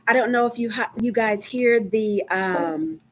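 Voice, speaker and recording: A woman in her fifties from Dallas with a Texan accent, chatting casually with viewers on a live stream, unhurried and full of ums. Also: a little high, slight background noise. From Dallas, Texas. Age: 50s. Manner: slow, chatty, many ums.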